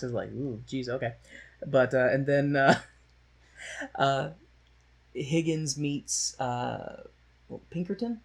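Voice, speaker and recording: A man's voice: fairly high pitch, takes it slowly, pauses often, breathy edge. A man co-hosting a podcast, recapping a musical in rambling, jokey casual chat with the odd mocking put-on voice. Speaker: podcast co-host.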